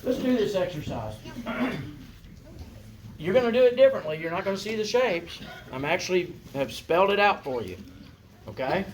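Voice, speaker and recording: A man's voice: high voice, lively intonation, normal speed, long pauses, background noise. A man directing a choir rehearsal, calling out sections and parts and encouraging the singers. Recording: distant mic in a room with singing.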